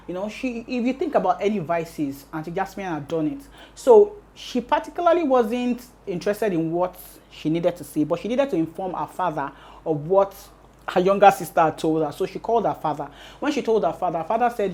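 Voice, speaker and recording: A woman's voice: lowish voice, darkish tone. A woman hosting a storytelling show, narrating a family drama in a casual, conversational way. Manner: conversational, acts out quotes. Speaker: storyteller host.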